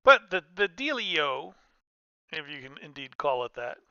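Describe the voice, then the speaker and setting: Gaming streamer, male, bright clean tone, rambling casual commentary, dry close mic. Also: a little high, big pitch swings, unhurried, smooth, no room sound, lo-fi sound. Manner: rambling, self-interrupting, chatty.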